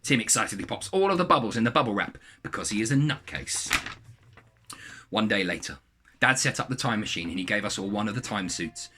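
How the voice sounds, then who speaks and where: A man reading a submitted story aloud in a lively, animated way. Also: fairly low pitch, fairly quick, background noise.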